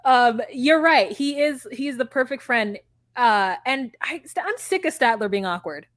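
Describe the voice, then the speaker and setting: A woman's voice: sits high, lively intonation, measured pace, fairly bright tone, dry recording, clean studio sound. A woman co-hosting a podcast, recapping a reality show in casual chat with a wry, hesitant manner. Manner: chatty and wry, with frequent hesitations and laughs. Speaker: podcast co-host.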